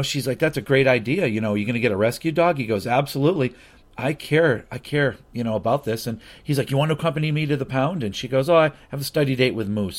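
Man, comic reviewer, loose rambling delivery, filler-heavy, mid-range voice. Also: medium pitch. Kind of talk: casual comic book review.

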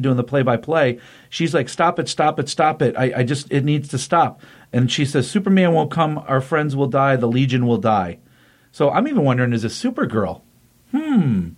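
A man hosting a casual podcast, retelling a comic book plot with rambling enthusiasm and lots of fillers. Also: mid-range voice. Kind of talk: casual chat recapping a comic.

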